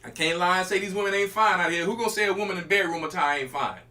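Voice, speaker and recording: A man's voice: sits high, fast talker, pushed and bright. A man preaching as a church elder, teaching an informal sermon in an emphatic, colloquial way and speaking straight to his listeners.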